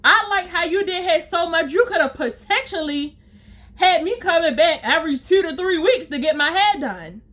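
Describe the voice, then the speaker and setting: A young woman vents a storytime straight to her viewers in a high, sharp, bright voice. She is blunt and exasperated and swears freely as she rants. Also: expressive, moderate pace. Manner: exasperated, blunt and profane, talks straight to "y'all". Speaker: storytime vlogger. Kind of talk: casual storytime rant to viewers.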